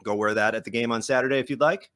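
Brief: male podcast host, loose and rambling, mid-range pitch. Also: rapid-fire, fairly bright tone. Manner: chatty, rambling with restarts. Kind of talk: casual chat.

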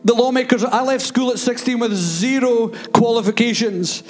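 A man preaching in a church service, telling animated, rambling stories with many fillers. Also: extremely high pitch, moderate pace, soft background music. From Scotland. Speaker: guest preacher. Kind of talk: sermon storytelling.

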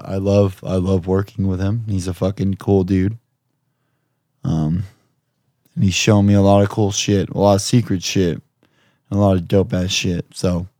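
A man's voice: fairly low pitch, mellow, no room sound, studio quality. A young man chatting casually about his job, laid-back and rambling, swearing freely. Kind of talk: casual chat.

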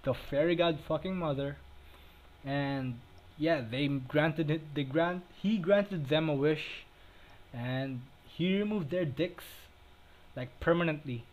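Young man, podcast co-host, crude jokes, constant swearing, self-mocking, a bit high-pitched. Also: slow pace, darkish tone, poor audio. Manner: profane, joking, self-deprecating, laughs often. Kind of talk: casual crude chat. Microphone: remote call, cutting in and out.

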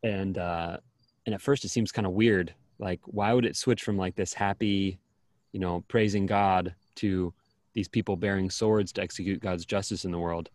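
A man hosts a faith podcast in a loose, easygoing way, circling his points with fillers. His voice sits low and the sound is dry and close, with no room around it. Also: moderate pace, dry recording. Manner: relaxed, rambling with fillers. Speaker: podcast host. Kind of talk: casual faith podcast chat. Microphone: video call.

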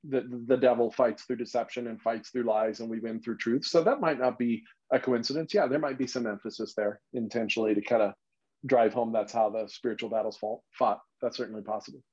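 A man's voice: medium pitch, fairly even intonation, fairly quick, darkish tone. A man leading a casual Bible study, talking emphatically and thinking aloud as he explains. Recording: slightly dull lo-fi recording.

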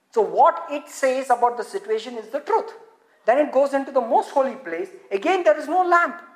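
A woman preaching with a high, bright voice that climbs when she gets excited and drops low when she goes quiet. She fires rhetorical questions at the congregation. The room adds a roomy echo. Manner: animated, rhetorical questions, swings from loud to hushed. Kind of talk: sermon.

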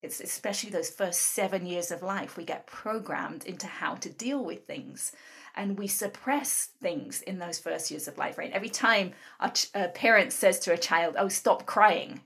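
A woman's voice: lowish voice, normal speed, gravelly, a bit bright. A woman guest explaining her ideas in an interview, talking earnestly and often checking in with "right?". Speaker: guest speaker on emotional tapping.

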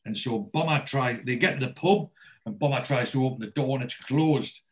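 A man chatting casually, retelling television scenes and acting out the lines. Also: a little fast. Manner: animated storyteller, acts out quotes with jumps in pitch. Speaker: podcast host recapping a TV episode.

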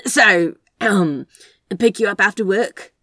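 A woman's voice: mid-range voice, takes it slowly, bright, forceful tone, no room sound, studio quality. A woman voicing a laid-back, teasing male demon with a casual, drawling manner in an audiobook reading. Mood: awkward.

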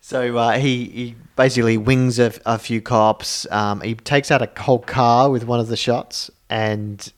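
A man walks through movie scenes in a loose, meandering way, stopping often to laugh. His voice sits at a middle pitch, and the tone is relaxed chat among friends. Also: measured pace, few pauses. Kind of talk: casual film review chat.

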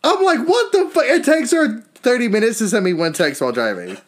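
A man's voice: high-pitched, wildly swooping pitch, a little fast. A man co-hosting a casual podcast, gossiping and swearing freely and laughing through his stories. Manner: gossipy, profane, laughs while telling stories. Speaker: podcast co-host. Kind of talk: casual chat.

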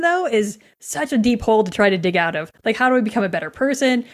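A woman hosting a podcast, talking about her workplace coaching in a chatty, animated way. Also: fast talker, few pauses. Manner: chatty, animated, acts out quotes in a higher voice. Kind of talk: casual podcast conversation.

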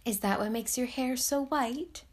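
A woman's voice: sits high, unhurried. A woman voicing a curious little girl princess in a storybook reading, asking eager, wondering questions.

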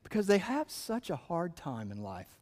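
Brief: man doing high, chatty British crowd woman, sermon aside, reverberant hall. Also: wildly swooping pitch, normal speed, darkish tone. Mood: gushing.

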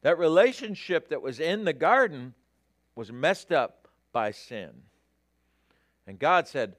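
A man delivers a sermon at an unhurried pace, his voice rising and falling with lively expression. He speaks straight to his listeners and builds to emphatic peaks. The sound is dry and close. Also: mid-range voice, dry recording. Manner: animated, rising to emphatic peaks, addresses audience directly. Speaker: preacher.

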